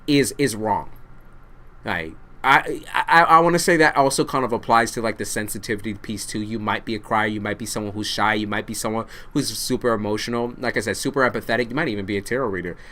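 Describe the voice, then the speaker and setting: A man's voice: mid-range voice, a bit bright. Blunt, cursing male tarot reader. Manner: blunt, profane, repeats for emphasis; addresses the listener directly. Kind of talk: tarot reading to camera.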